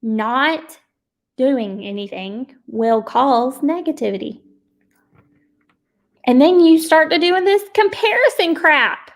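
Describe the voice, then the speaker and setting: Speaking slowly with frequent pauses, this woman has a high voice and lively intonation. She's a sales team leader giving a preachy, emphatic pep talk, addressing her listeners in a folksy, direct way and laughing often.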